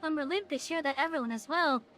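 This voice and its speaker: A woman voicing an earnest young oracle, reading game lines in a soft, hesitant way. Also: high-pitched, fast, faint music behind. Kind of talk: reading game dialogue aloud on stream.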